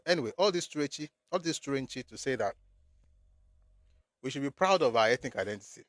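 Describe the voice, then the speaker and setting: A man's voice: medium pitch, animated, quick pace, no room sound, studio quality. A man with a Nigerian accent delivering a blunt, emphatic political commentary monologue, repeating phrases for effect.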